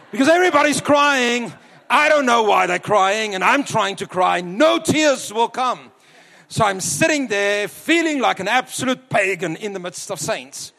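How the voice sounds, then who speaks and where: A man with a high voice preaches to a church congregation, telling a story in a relaxed way and stretching out his words for emphasis. His voice rings through a large hall with a long reverb. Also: gravelly. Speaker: preacher, university leader. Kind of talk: sermon with personal story.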